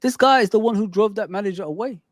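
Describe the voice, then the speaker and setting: A man co-hosts a casual chat in a fairly high voice. He talks in an animated way, piling filler phrases onto the ends of his sentences. His voice sounds close and dry. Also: racing, dry recording. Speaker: co-host.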